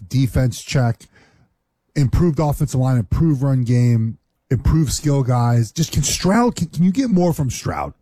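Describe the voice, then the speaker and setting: Man, football analyst, rambling, mellow husky voice, dry sound. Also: mid-range voice, no echo. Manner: rambling, many "right?" tags. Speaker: former player turned analyst. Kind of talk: casual sports analysis.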